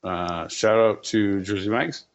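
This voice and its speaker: A man's voice: lowish voice, slow pace, lo-fi sound. A man co-hosting a podcast, joking around in a crude, profane, rambling way. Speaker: podcast co-host. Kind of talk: casual comedic chat.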